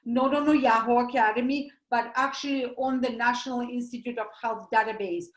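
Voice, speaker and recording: A high-voiced woman with a Russian accent explains things in an animated way, throwing out questions and answering them herself. Her voice rings around an echoey room. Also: brisk. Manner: animated, uses homely comparisons, asks and answers her own questions. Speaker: doctor promoting supplements. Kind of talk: lively presentation talk.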